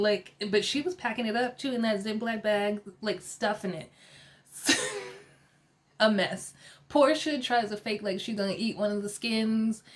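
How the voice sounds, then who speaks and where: A young adult woman talks through a reality show episode in a casual, gossipy recap. Her voice sits at a middle pitch, and she keeps it lively by acting out what each cast member said and laughing along. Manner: chatty, animated retelling with frequent laughs and quoted voices.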